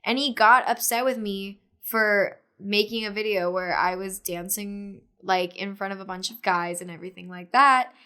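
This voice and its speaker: Smooth and mid-range, this young woman's voice moves at a moderate pace with few pauses. She's a podcast guest giving an animated, casual retelling packed with fillers, voicing what others said.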